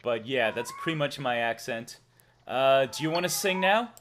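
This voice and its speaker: A male streamer with a Massachusetts accent chats casually with a co-host, his voice lively and full of pitch swings. He is playful and laughs easily, breaking in now and then to thank viewers who send money. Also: normal speed, a little hiss or hum. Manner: playful, laughs often, reads out donations. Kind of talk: casual live-stream chat.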